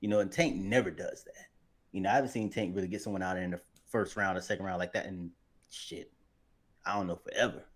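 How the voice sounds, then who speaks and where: A man co-hosting a boxing podcast in casual chat, giving relaxed, laid-back opinions. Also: sits low, quick pace. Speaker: podcast co-host.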